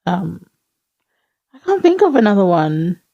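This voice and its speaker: A woman's voice: mid-range voice, very animated, a little slow, warm tone, no echo, highs cut off. A woman co-hosting a podcast in casual chat, rambling and hesitant with many fillers. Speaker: podcast co-host.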